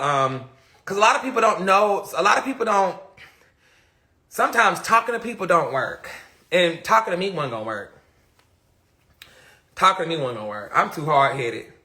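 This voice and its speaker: Male streamer, very bright tone, animated storytelling with frequent laughs. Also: fairly high pitch. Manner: animated, laughs often, talks straight to viewers. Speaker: live streamer. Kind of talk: casual storytelling on a live stream.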